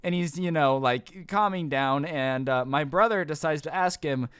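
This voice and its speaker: A man in his twenties telling a high school storytime to his channel in a casual, slangy way, tossing in bro and dude. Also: moderate pace, fairly bright tone, smooth, dry recording, clean studio sound. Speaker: YouTube storyteller.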